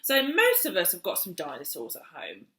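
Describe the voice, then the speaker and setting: Her pitch is on the low side but swoops wildly, at normal speed with a bit of brightness, as this early years teacher casually shares play and speech tips with parents. She's chatty with many "um"s and sing-song toward children, recorded in an echoey room.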